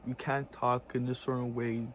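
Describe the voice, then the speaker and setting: A man's voice: mid-range voice, little pitch movement, moderate pace, slight background noise. A man in a heated, casual vlog rant, full of profane slang and repeated fillers. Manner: heated, profane slang, repeats "bro" and "you know what I'm saying". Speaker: vlogger.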